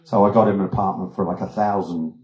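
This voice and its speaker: An older Australian man gives a talk made of anecdotes, animated and full of acted-out voices. His speaking voice is fairly low. The sound is roomy and echoing. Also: quick pace. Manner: animated storyteller, acts out voices. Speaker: guest speaker. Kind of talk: anecdotal presentation. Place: wellness retreat room. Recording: echoey room.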